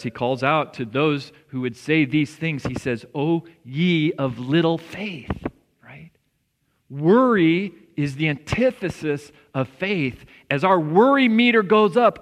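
A man preaching a sermon as pastor, in an earnest, conversational way that swells with emphasis. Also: fairly high pitch. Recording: long reverb of a church hall.

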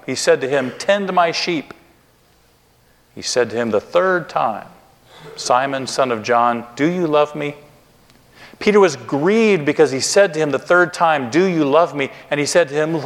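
A man preaching a sermon, earnest and expressive, slowing down and speeding up for emphasis. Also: a little high. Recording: long reverb of a hall.

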